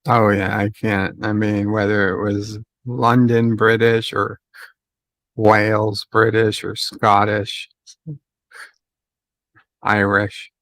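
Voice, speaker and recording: A man chatting casually on a livestream, joking and quick with asides. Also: fairly low pitch, little pitch movement, a bit bright, no room sound.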